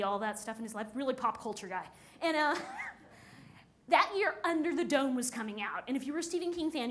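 A woman telling a personal story on a conference stage, acting out the people she quotes with lively shifts in delivery. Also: sits high. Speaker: speaker at a conference.

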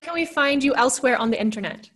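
A young woman hosting a casual video interview, bubbly and quick to laugh. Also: high voice, animated. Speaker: host.

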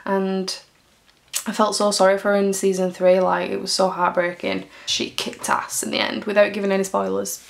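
Young woman, Mancunian accent, casual giggly vlogger with a gravelly fry. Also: medium pitch, flat delivery, normal speed. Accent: Mancunian English. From Greater Manchester, England. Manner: chatty and giggly, reads fan questions aloud. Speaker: YouTuber. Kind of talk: casual Q&A vlog.

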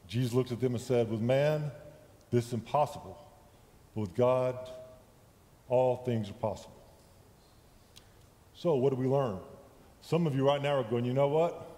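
A man's voice: medium pitch, moderate pace, pauses often, mellow. A man giving a conversational sermon in a church, often checking in with his listeners. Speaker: lay preacher. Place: church sanctuary. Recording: echoey church hall with long reverb.

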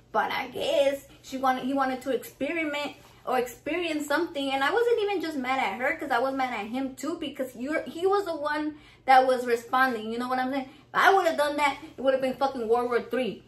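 High-voiced woman telling a profane story. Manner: profane, blunt and animated, quoting people. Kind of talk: casual storytime vlog.

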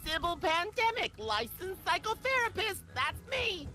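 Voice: very high-pitched, animated, unhurried, pushed and bright, faint music behind, full character voice. A woman voicing a manic male former child star who poses as a chirpy therapist in a cartoonish video game. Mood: manic cheer.

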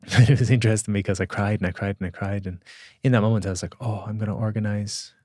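A man shares a personal story in a relaxed podcast conversation. His voice sits on the low side and he often stops and restarts as he thinks. The sound is dry and close to the mic. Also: rapid-fire, dry recording. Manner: reflective, storytelling, many restarts. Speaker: podcast guest, coach.

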